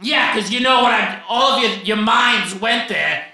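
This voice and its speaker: A man playing a loud, abrasive comedian character who yells constantly. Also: very high voice, moderate pace, gravelly, very echoey, exaggerated voice. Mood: yelling. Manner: yelling, abrasive, squinting screech. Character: loud screechy male comedian's great-great-grandson. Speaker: comedy podcast guest character.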